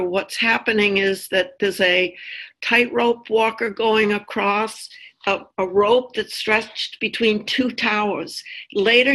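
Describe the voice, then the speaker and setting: A woman leading a reflective group discussion, telling stories in a thoughtful, measured way. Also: medium pitch, a bit bright, rough recording. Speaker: discussion leader.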